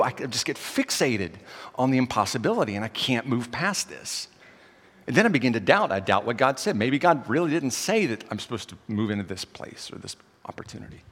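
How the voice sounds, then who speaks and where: Male pastor, sermon delivery, loud to hushed, reverberant hall. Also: mid-range voice. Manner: dynamic, swings from loud to quiet.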